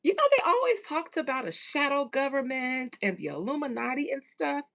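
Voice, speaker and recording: This channel host's voice is high, gravelly, a bit bright, and very animated. Ranting casually to her viewers, she's emphatic and sarcastic, stretching out key words while using slang and mild swearing.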